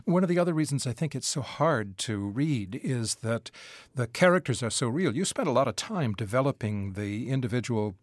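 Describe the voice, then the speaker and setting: A man's voice: medium pitch, animated, moderate pace, hardly any pauses, no room sound. A man interviewing an author, asking reflective, conversational questions.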